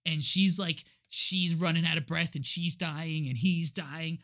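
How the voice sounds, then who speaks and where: A man's voice: on the high side, fairly even intonation, a little slow, few pauses, a bit bright. A man co-hosting a podcast, retelling a movie's plot in casual chat with lots of restarts and laughs. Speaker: podcast co-host.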